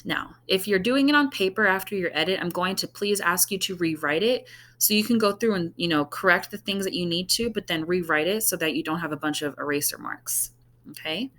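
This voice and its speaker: A woman's voice: lowish voice, a little fast, fairly bright tone. A woman teacher giving a recorded online lesson to her class, who talks patiently and step by step, often checking with "okay?".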